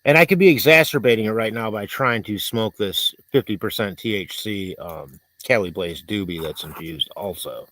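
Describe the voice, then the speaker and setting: A man's voice: lowish voice, a bit bright, dry recording. A man hosting a livestream, rambling in casual chat and reading viewers' comments aloud, congested and coughing. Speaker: livestream host.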